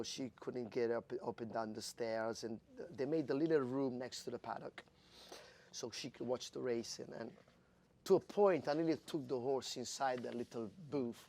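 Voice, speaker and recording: A man in his fifties from Italy, a jockey telling stories in an interview, animated and laughing, acting out quoted voices. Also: medium pitch. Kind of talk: storytelling in an interview.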